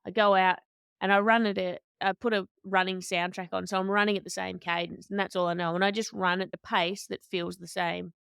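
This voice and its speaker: A woman, a boxer and coach telling stories as a podcast guest, candid and animated, often restarting her sentences. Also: medium pitch, fairly quick, gravelly, clean tone, dry recording, studio quality. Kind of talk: conversational storytelling.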